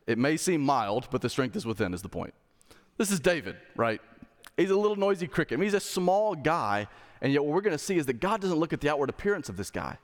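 A man's voice: fairly high pitch, very animated, a little fast, long reverb tail. A man preaching a sermon as a pastor, reading Bible passages aloud and talking to the congregation in a conversational way. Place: church sanctuary.

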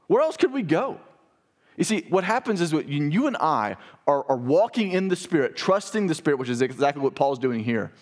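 A man preaching a sermon as pastor, earnest and emphatic, repeating words and dropping to a quiet voice for emphasis. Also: on the high side.

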